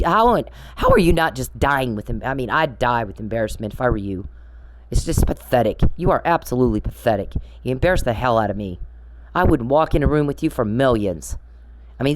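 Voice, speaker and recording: A woman's voice: rumbling low, no room sound, rough recording. A woman podcaster in an angry monologue aimed at one person, confrontational and repetitive, with swearing.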